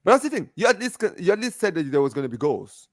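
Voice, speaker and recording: A man co-hosting a casual football debate over an online call, animated and emphatic, often asking if you understand what he's saying. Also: fairly high pitch, fast, no room sound, clean studio sound. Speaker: football podcast co-host. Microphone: home mic over internet call.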